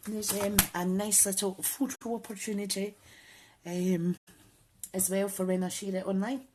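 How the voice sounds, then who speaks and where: A woman's voice: mid-range voice, little pitch movement, normal speed, background noise. A woman hosting a casual crafting tutorial, chatting and thinking aloud with frequent ums. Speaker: papercraft channel host.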